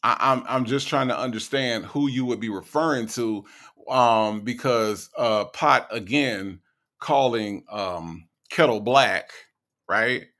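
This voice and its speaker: Gravelly man doing mocking commentary. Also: medium pitch, a bit bright. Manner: mocking, sarcastic, drawn-out delivery. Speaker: commentary host. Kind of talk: casual reaction commentary.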